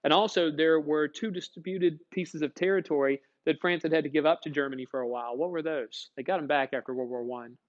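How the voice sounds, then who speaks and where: A man's voice: on the high side, steady tone, fairly quick, hardly any pauses. Chatty male history teacher, lo-fi. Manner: folksy and chatty, asks the class questions. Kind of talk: classroom lecture.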